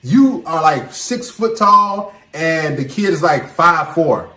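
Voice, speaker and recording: A man's voice: fairly high pitch, lively intonation, takes it slowly, sharp tone, echoey room. A man hosting his own channel, giving emphatic, preachy advice in a monologue to the camera. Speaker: channel host.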